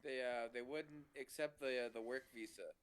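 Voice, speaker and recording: A man's voice: medium pitch, normal speed, slight background noise. A man guesting on a casual podcast, telling stories in an easygoing way.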